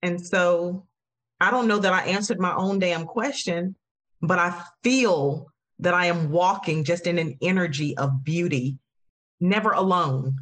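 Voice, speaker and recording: Casting: woman podcast host, lower voice, earnest and emotional, affirming tone. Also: measured pace, a bit bright. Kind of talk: heartfelt conversational podcast talk.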